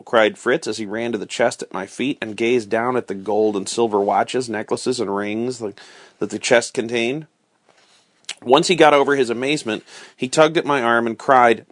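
A man reading a storybook aloud in a steady, expressive storytelling manner. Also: medium pitch, moderate pace, no echo, clean studio sound. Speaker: reader.

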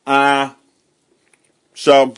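A man's voice: medium pitch, completely flat delivery, drawn-out words, clean tone. Cheerful man hosting a home podcast. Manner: cheerful, encouraging, patient teacher. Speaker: home podcast host, parent teaching a child. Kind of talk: casual home podcast chat.

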